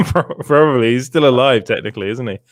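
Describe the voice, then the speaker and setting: A man's voice: medium pitch, fairly quick, no room sound, studio quality. A man co-hosting a casual live stream, reading out chat comments and laughing often between restarts. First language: French. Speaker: podcast co-host.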